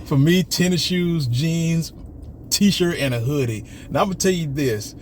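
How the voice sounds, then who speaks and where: A man's voice: a little high, measured pace, slight background noise. A man co-hosting a casual vlog, chatting in an easygoing way while out walking. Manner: easygoing, laid-back banter. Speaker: co-host, husband. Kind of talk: casual chat. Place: outdoors on a morning walk.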